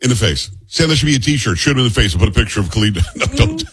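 A man's voice: mid-range voice, lively intonation, rapid-fire, crowd noise. A man hosting a talk show, giving blunt, heated commentary on the news and sometimes stumbling over names. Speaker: host.

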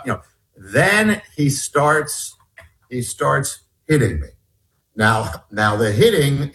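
A man, an author and guest on an interview show, telling a personal story emphatically and shifting between raised and hushed tones. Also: mid-range voice.

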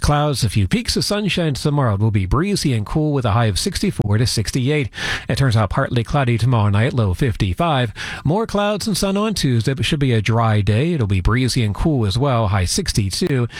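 A man's voice: mid-range voice, expressive, brisk, no echo. A man meteorologist reading a radio weather forecast in a lilting way.

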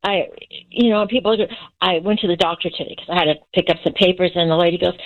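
A woman's voice: fairly low pitch, steady tone, fast. A woman in her seventies calling in to a radio show, chatting and giggling as she rambles through a story. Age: 70s. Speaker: caller. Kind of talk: chatty phone-in. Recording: dull phone line.

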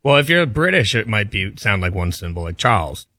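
A man in the studio crew speaks in an easygoing way, explaining points and reading out poll results. His voice is on the low side, and the sound is close and dry. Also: very animated, fast, sharp tone, dry recording. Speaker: show producer. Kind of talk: studio banter.

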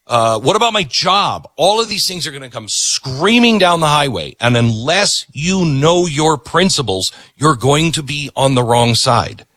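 A middle-aged male talk show host gives a political monologue, hammering his points by repeating words. His voice is bright and slightly husky, and his pitch swings widely. The sound is dry and close. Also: lively intonation, measured pace, few pauses, no room sound. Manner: emphatic, repeats words for stress.

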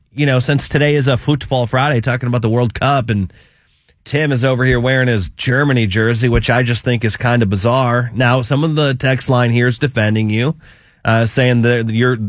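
A man with a Midwestern accent and a medium-pitched voice hosts a casual sports talk radio show, rambling a bit and leaning on lots of fillers in a relaxed way. The studio mic gives a clean, studio-quality sound with no room noise.

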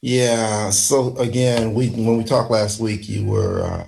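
A man's voice: fairly low pitch, little pitch movement, slow, gravelly, a little mellow, a little hiss or hum. A man hosting a morning radio show, joking and easygoing in casual banter.

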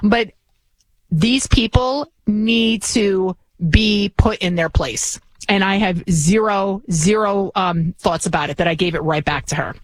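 A woman's voice: mid-range voice, a little slow, no room sound, rough recording. A woman in her forties hosting talk radio, telling a story in an indignant, ranting way. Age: 40s. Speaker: radio talk show host.

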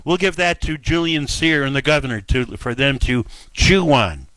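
A man hosting a call-in radio show, brisk and jokey as he chats with callers. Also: a little high, expressive, a bit bright, no room sound. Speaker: radio talk show host.

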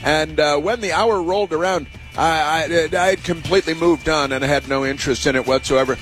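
A man from the United States hosting a call-in radio show, talking in a rambling and sarcastic way with many filler pauses. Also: a little high, a bit bright, faint music behind. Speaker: radio talk show host.

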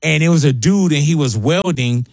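A man with a slightly high voice chats casually as host. He tells stories in a relaxed, drawn-out way. The sound is dry and close. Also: vocal fry, husky, dry recording. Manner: laid-back, drawn-out storytelling. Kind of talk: casual chat.

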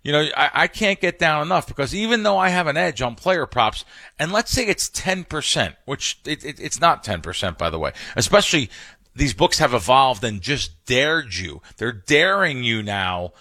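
A man's voice: medium pitch, big pitch swings, moderate pace, sharp tone, dry recording, studio quality. A man, a professional sports bettor, talking casually on a podcast, often restarting and stumbling over his words as he explains things with emphatic anecdotes.

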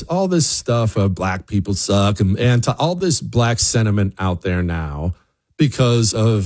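A man's voice: lowish voice, darkish tone. A man hosting an opinion monologue, preachy and emphatic, often restarting his words. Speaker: commentary host.

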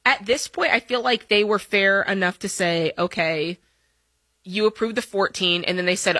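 A woman's voice: mid-range voice, moderate pace, pushed and bright, no echo. A woman co-hosting a call-in money advice show, explaining things step by step in a practical, conversational way. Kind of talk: casual advice talk.

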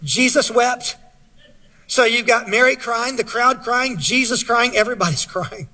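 Male pastor, higher pitch, bright husky tone, earnest sermon delivery. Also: measured pace. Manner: earnest, asks the audience questions, reads scripture aloud.

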